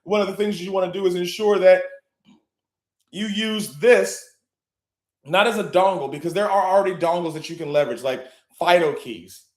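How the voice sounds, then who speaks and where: A man hosting a livestream, hyping the audience and preaching about business, swinging between loud and hushed. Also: high voice, moderate pace, reverberant. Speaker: livestream host. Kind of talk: hyped livestream talk.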